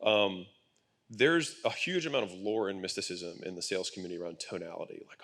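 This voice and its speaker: A man with a slightly low voice explains his points bluntly on an event stage. He talks in a casual, emphatic way and swears now and then. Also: animated, quick pace, a bit bright. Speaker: guest speaker at a business event. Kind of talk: conversational panel talk. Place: event stage with live audience.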